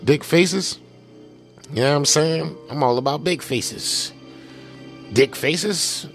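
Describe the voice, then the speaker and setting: A man's voice: on the high side, takes it slowly, gravelly, a bit bright, faint music behind. A man hosting his political commentary show in a casual, profane rant, full of slang and "you know what I'm saying" tags.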